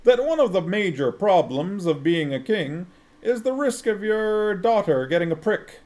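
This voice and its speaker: A man's voice: sits high, expressive, unhurried, a little mellow, voice pushed up. Pompous storybook monarchist, ponderous and lecturing, slightly raised voice, a male reader doing him. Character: pompous pipe-smoking man, lecturing monarchist.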